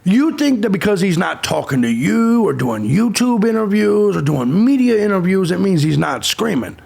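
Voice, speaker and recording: A man's voice: high-pitched, very animated, moderate pace, vocal fry, a little mellow, husky. A man hosting a true crime channel, ranting abrasively with insults and sarcasm. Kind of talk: profane ranting commentary.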